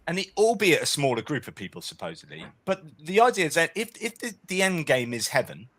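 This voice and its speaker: A man's voice: on the high side, huge pitch swings, a little fast, fairly bright tone. A man speaking as a guest in a casual discussion, arguing animatedly and often checking in with "right?". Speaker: guest author.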